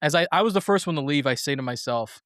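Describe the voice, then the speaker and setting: A man's voice: fairly high pitch, expressive, fast talker, fairly bright tone, no echo, studio quality. A man hosting a movie podcast, telling a story in casual chat with swearing and laughter. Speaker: podcast host.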